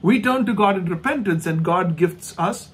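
A man preaching a sermon as pastor, emphatic and repetitive, slowing down to stress points and dropping to a soft hush at the end of each thought. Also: high-pitched, expressive, breathy edge. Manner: emphatic, repeats key phrases, slows down for stress. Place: online church service.

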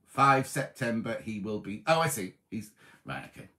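A middle-aged man chats on a live stream, reading viewers' comments aloud and greeting each of them by name. His pitch rises and falls a lot. The tone is casual and friendly. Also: sing-song, moderate pace, sharp tone.

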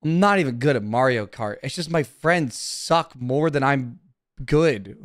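A man's voice: mid-range voice, expressive, unhurried, no echo, clean studio sound. A young man streaming casually, talking to his chat in a brash, profane, defensive way.

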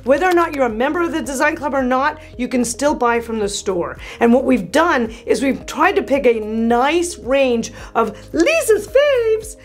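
Brief: high-pitched woman designer host, gushing and excitable, faint music under her voice. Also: moderate pace, hardly any pauses. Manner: gushing, animated, with excited exclamations. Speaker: interior designer and channel host. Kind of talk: enthusiastic product review vlog.

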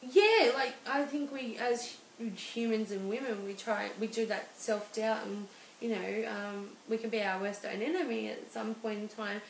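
A woman, a guest speaking emotionally and haltingly about her own life. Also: a little high, gravelly. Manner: halting and emotional, many restarts. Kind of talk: personal interview. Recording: roomy studio with faint hiss.

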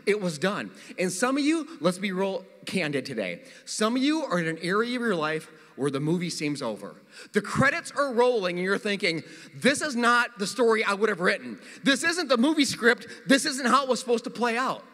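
A middle-aged man, a pastor, preaching a sermon with animated, funny storytelling in a church. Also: high voice, moderate pace, in a large hall. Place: church sanctuary.

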